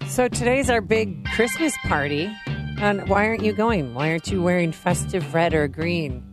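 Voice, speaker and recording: A woman's voice: lowish voice, animated, normal speed, music in the background. A woman co-hosting a morning radio show, chatting and laughing easily with her co-hosts. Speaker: radio co-host.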